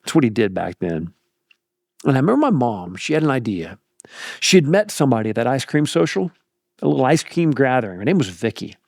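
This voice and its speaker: A middle-aged pastor telling a personal story in a folksy, animated way on a podcast. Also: male voice, medium pitch, a little fast, creaky, no room sound, studio quality. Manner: animated, folksy, laughs through anecdotes. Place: podcast studio.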